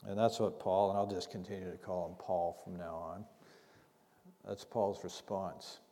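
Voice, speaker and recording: A man preaching a sermon as pastor, conversational and unhurried, acting out scripture dialogue as he teaches. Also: low voice, flat delivery, mellow. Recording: long hall reverb.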